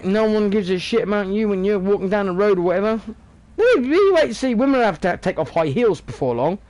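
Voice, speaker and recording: A man's voice: high-pitched, big pitch swings, a little fast, darkish tone. A British man in his thirties ranting sarcastically in a casual vlog, swearing often. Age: 30s. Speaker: vlogger.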